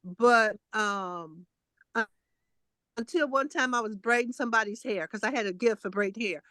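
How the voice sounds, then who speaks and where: A woman co-hosting a casual chat, telling childhood stories in a talkative way with animated quotes. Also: on the high side, moderate pace, no echo. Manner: chatty storytelling, animated quoting. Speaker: co-host.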